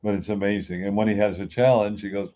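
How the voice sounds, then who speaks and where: A man's voice: fairly low pitch, level tone, fast, mellow, muffled recording, a little hiss or hum. A man giving a folksy, emphatic motivational talk who grew up on the US East Coast. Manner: folksy, emphatic, acts out everyday people. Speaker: inspirational speaker.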